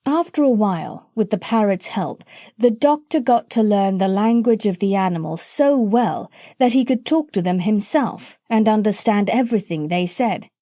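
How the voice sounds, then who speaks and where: Expressive female audiobook narrator, warm and lively, dry close mic. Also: medium pitch, moderate pace, dry recording. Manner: expressive, storytelling. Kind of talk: storybook narration.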